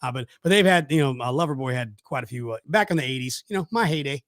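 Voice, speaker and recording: A man's voice: medium pitch, expressive, fast talker, a bit bright, no room sound, studio quality. A middle-aged man hosting a casual live show, rambling with many fillers and restarts. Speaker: host. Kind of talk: casual chat on a live stream.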